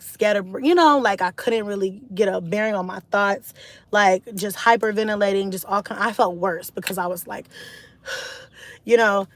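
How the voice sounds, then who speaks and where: A stressed woman telling a personal story to her live stream viewers in a candid, animated way, swearing freely and filling her talk with "like" and "you know.". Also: medium pitch, no room sound. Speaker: vlogger talking to a live stream audience. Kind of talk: casual storytelling.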